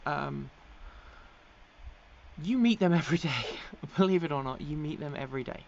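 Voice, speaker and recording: A woman's voice: low voice, normal speed, gravelly, darkish tone, highs cut off, slight background noise. Chatty Englishwoman hosting a live stream. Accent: English, with occasional American slips. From England. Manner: chatty, rambling, laughs often, many ums. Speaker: host of an electric vehicle news live stream. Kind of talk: casual live-stream chat, reading viewer comments.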